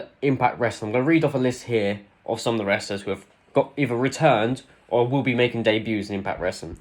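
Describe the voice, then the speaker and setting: A man co-hosting a casual podcast, talking in an excitable, rambling way with plenty of fillers. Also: mid-range voice. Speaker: podcast co-host. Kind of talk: casual wrestling podcast chat.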